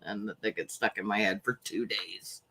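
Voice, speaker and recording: Guest, a woman with a bright edge to her voice who chimes in playfully. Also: a bass voice, vocal fry. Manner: quick, playful interjections. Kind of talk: casual chat.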